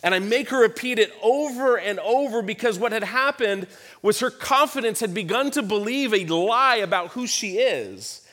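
A man's voice: high-pitched, a bit bright. A man in his thirties preaching a sermon, telling a personal story in a conversational way with emphatic repetition. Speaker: pastor.

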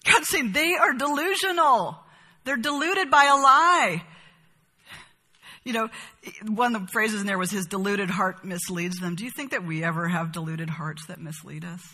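A woman teaching a Bible study, reading verses aloud and explaining them in an expressive, emphatic way. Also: medium pitch, normal speed, big-room sound.

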